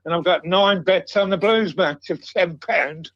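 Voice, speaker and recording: Sweary, blunt male caller, high voice, dull dry line. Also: a little slow, fairly bright tone, no room sound. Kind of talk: casual phone-in call. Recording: dull muffled phone audio.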